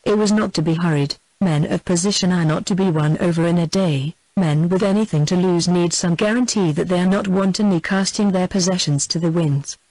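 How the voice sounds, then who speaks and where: A reader doing a calm, dignified nobleman. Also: mid-range voice, brisk, few pauses, no echo, close to an everyday voice, poor audio. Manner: calm, almost apathetic delivery. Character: calm, dignified male plotter, quietly blunt.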